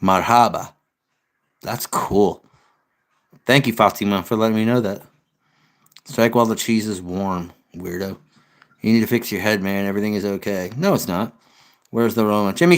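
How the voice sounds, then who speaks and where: Young streamer, low-pitched, blunt and profane, loose conversational rambling. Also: male voice. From United States. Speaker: live streamer. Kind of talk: casual livestream chat reading comments.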